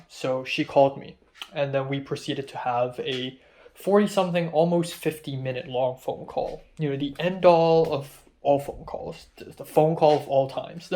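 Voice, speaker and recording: A man's voice: fairly high pitch, normal speed, a little mellow, slight background noise. A young man recording a diary-style vlog, rambling and frustrated, swearing often as he retells an argument. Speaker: vlogger.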